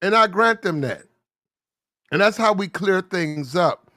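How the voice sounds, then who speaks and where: A man's voice: sits high, animated, a little slow, sharp tone, no room sound, clean studio sound. A man hosting a casual livestream, telling stories in a loose, slangy drawl. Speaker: stream host.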